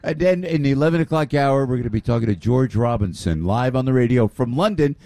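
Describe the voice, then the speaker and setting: A man's voice: medium pitch, fast, no room sound. An older man, hosting a live radio show before a crowd and greeting the audience. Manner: lively, repeats "I'll tell you", greets the crowd. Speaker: radio host. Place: restaurant venue with a live audience.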